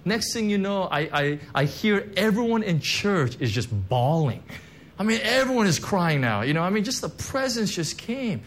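A man's voice: high voice, big pitch swings, normal speed. A man preaching a sermon, telling a personal testimony in a conversational, emotional way with many fillers and restarts. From Korean heritage, church background. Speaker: pastor.

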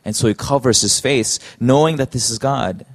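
A man preaching a sermon in an earnest, halting way, often restarting his phrases. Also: mid-range voice.

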